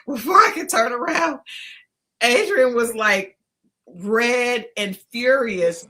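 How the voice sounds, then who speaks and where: Bright-voiced woman telling a funny story. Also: fairly high pitch, takes it slowly. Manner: animated, laughs often, acts out quotes. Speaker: podcast co-host. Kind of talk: casual storytelling chat.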